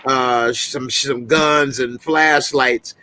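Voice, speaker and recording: A man hosting a casual live-stream chat, his voice bright and forward at a middling pitch. He tells loose, slangy stories and laughs between them. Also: fairly even intonation, drawn-out words. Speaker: host of a live talk stream.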